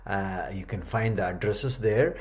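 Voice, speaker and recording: A man's voice: lowish voice, a little slow. A man preaching a sermon as pastor, reading scripture aloud and stressing key phrases with earnest emphasis. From India.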